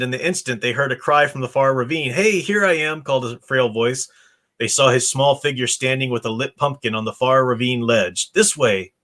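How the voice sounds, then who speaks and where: American male host, book discussion, reads the lines with animated voices. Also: mid-range voice. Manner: reads dialogue with lively expressive voices. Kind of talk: reading aloud and discussing a novel.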